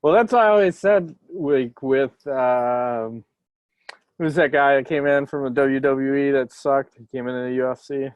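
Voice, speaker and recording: A man's voice: mid-range voice, moderate pace, clean tone, no echo, lo-fi sound. A man co-hosting a casual podcast chat, breaking into mocking put-on quotes. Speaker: podcast co-host.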